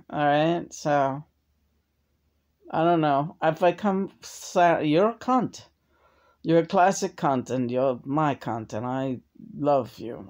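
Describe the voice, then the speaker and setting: A woman's voice: very deep voice, creaky, darkish tone, exaggerated voice. A woman channeling the spirit of a dead man who rambles, hesitates and makes crude jokes.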